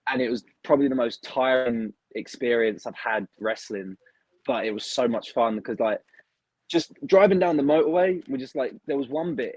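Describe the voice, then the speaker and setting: A young man from the UK, a wrestler talking casually and excitedly in an interview, with lots of "like" fillers. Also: medium pitch, breathy edge, dry recording, poor audio. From United Kingdom. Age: young adult. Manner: chatty, excitable, heavy use of "like". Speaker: wrestler, guest.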